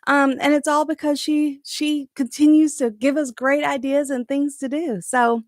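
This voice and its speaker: A woman's voice: sits high, level tone, moderate pace, dry recording, studio quality. A woman hosting a live crochet chat from her craft room at home, chatty, rambling and encouraging.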